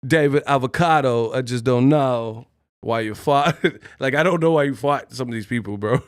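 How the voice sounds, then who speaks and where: A man's voice: medium pitch, moderate pace, clean tone, no echo, studio quality. A man hosting a boxing live stream, joking and laughing often as he does impressions. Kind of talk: casual live-stream commentary.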